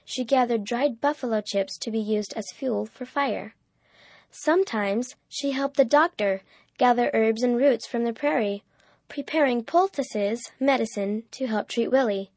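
A woman narrating a storybook in a clear, measured reading voice. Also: on the high side, a little mellow, no room sound, studio quality.

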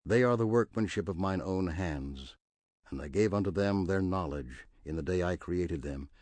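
A man's voice: low voice, moderate pace, darkish tone, dry recording, lightly acted. A man reading the words of a stern, almighty God, wrathful and grieving, in a solemn scriptural cadence.

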